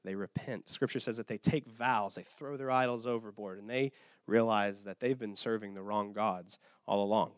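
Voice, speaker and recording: A man preaching a sermon as a pastor, retelling a story in an animated, casual way with frequent "okay?" checks, a little tired from short sleep. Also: lowish voice, moderate pace, clear, resonant tone, no room sound, clean studio sound.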